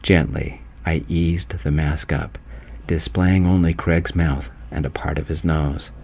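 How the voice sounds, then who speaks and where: A man narrating his own romance story in a gentle, slow, soft-spoken voice. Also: very deep voice, fairly even intonation.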